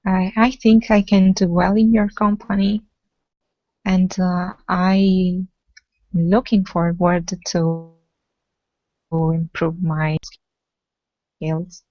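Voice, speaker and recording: A woman's voice: fairly low pitch, level tone, drawn-out words, pauses often, dry recording, dull audio. A female student in an online English class, answering hesitantly while she searches for words.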